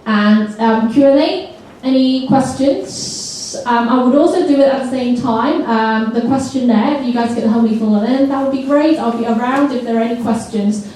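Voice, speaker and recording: A woman presenting a teacher training seminar in a lively way, coaxing the audience to repeat words aloud. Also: on the high side, normal speed, slight background noise. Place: large echoey hall. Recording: echoey hall recording from far off.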